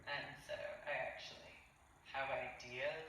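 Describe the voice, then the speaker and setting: A man vlogging a rambling, halting monologue with repeated disdainful interjections. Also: medium pitch, fairly even intonation, noisy background. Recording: very echoey room, speaker far from mic.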